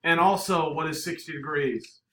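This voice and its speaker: A man teaching a math class, brisk and coaxing, often checking in with the students. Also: on the high side, pushed and bright. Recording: echoey classroom, faint noise.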